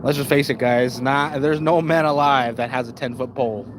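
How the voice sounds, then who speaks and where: A young man live-streaming, retelling videos in a profane, animated, slangy way, full of stammered restarts. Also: mid-range voice, normal speed, background noise. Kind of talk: casual live-stream storytelling.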